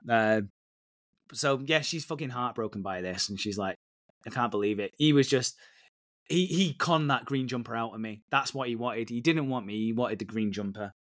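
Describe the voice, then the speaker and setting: A man's voice: medium pitch, normal speed. British male podcast co-host, laid-back recapper who swears freely. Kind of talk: casual chat.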